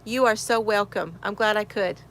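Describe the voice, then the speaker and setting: This crochet host chats through a casual livestream in her she shed, saying hello to viewers by name, reading comments from the chat aloud, and frequently laughing. Her voice is medium-pitched and fairly bright, at a moderate pace.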